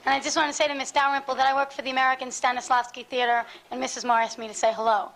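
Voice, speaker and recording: High-voiced woman asking from the floor. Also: flat delivery, very fast, vocal fry, a bit bright, a little hiss or hum, poor audio. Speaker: audience member asking a question. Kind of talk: question from the floor.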